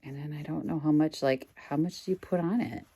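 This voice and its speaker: A woman's voice: sits low, brisk, mellow, husky, no room sound. A woman reselling goods online, casually thinking aloud at home with wry asides to her viewers. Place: indoors at home.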